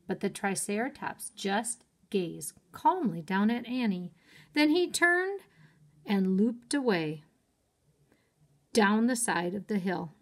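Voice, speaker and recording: Slow, clear woman reading to kids. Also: mid-range voice, very animated. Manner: slow and clear, explaining words. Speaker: teacher. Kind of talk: read-aloud storytime for children.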